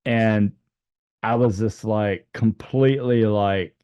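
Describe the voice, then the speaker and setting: A man's voice: lowish voice, slow, no room sound, muffled recording. A man telling a personal story in a rambling way, full of fillers and restarts. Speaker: near-death experience storyteller.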